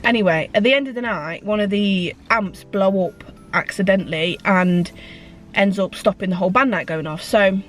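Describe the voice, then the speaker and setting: A woman's voice: medium pitch, normal speed, faint music behind. A woman in a casual book chat vlog, retelling a story in a chatty way and swearing freely. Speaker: book vlogger.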